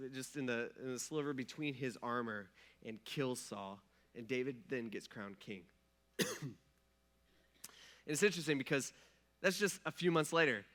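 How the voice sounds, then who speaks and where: A man's voice: a little high, pushed and bright. A male pastor preaching a sermon in a casual storytelling way, slipping into the characters' voices as he retells the story. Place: church.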